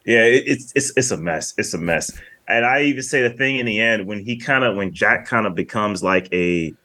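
Low-voiced man rambling about a movie. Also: moderate pace. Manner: rambling, repeats words, relaxed. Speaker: podcast co-host. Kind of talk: casual movie review chat.

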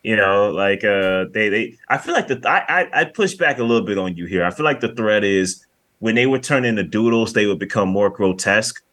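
A man's voice: on the low side, expressive, brisk, fairly bright tone. A man casually chatting as a podcast co-host, rambling and often repeating his words. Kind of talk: casual movie review chat.

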